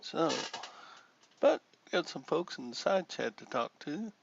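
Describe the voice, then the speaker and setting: Gravelly older man, slow easygoing chat. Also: fairly high pitch, very animated, no room sound, muffled recording. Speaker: live stream host. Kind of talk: casual live stream chat.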